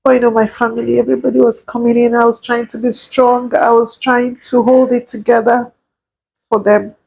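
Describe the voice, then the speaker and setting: A woman in her thirties telling a painful personal story, slow and halting, tearful at times. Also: a little high, level tone, gravelly, darkish tone, slightly rough, poor audio. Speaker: vlogger sharing a personal story.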